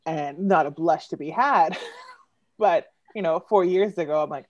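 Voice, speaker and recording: A woman's voice: low voice, moderate pace, no room sound. Giggly woman on a dull video call. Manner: giggly, animated, laughs often. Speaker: poet guest. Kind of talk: casual storytelling chat. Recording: dull lo-fi online call sound.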